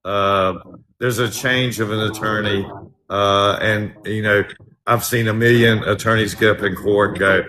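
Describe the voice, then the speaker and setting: A man's voice: fairly low pitch, fairly even intonation, a little slow, crowd noise. A man, a private investigator, chatting casually on a live stream and retelling cases with plenty of fillers. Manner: rambling, with fillers and amused retelling.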